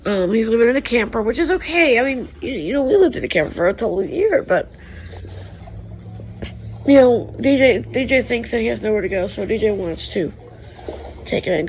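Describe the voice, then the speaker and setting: A woman chatting casually in a rambling, folksy way, with filler words and soft laughs, speaking outdoors by a swimming pool. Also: mid-range voice, a little hiss or hum, rough recording. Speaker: family vlogger. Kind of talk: casual chat.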